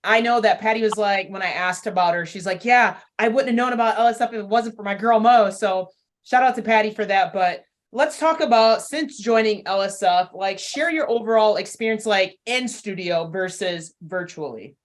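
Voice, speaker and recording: A woman's voice: mid-range voice, normal speed. A woman hosting a casual interview, upbeat and encouraging, often laughing along with her guest. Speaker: podcast host, fitness studio owner.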